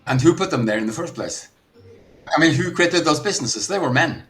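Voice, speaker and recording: A man's voice: on the high side, lively intonation, fairly quick, fairly bright tone, a little hiss or hum. A middle-aged man from Norway, a business coach, talking earnestly in a podcast conversation and often repeating words as he starts a thought.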